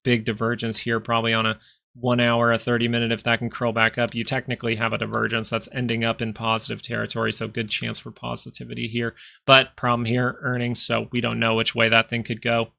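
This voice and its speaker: Gravelly bright-toned man streaming market commentary. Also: medium pitch, completely flat delivery, fairly quick. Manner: rambling, thinks aloud over charts, frequent fillers. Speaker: stock market livestream host. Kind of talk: casual live market commentary.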